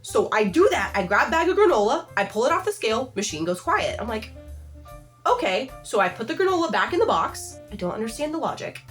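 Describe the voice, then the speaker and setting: Young woman vlogger, a bit high-pitched, exasperated comic rant full of "like", faint music underneath. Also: fast, few pauses. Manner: exasperated, animated, heavy use of "like". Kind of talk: comedic storytime rant.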